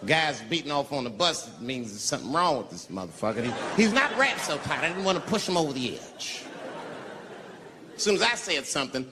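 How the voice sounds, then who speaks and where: A man's voice: fairly high pitch, brisk. A man doing a stand-up routine, telling a story with heavy profanity and acting out the people in it. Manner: animated storytelling, acting out characters in many voices, heavy profanity. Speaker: stand-up comedian. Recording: live venue with crowd noise. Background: audience laughter.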